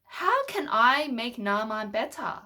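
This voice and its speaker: A woman's voice: a little high, sing-song, slow, bright, forceful tone, full character voice. A woman voicing an angry, panicking king in a storybook tale told to children. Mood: alarmed. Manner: exclaiming in alarm.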